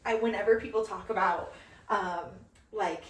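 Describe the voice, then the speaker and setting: Rambling young woman, roomy distant sound. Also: mid-range voice. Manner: rambling storyteller, heavy "like" filler, quick bursts. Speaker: podcast co-host. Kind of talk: casual chat. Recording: roomy, mic at a distance, faint noise.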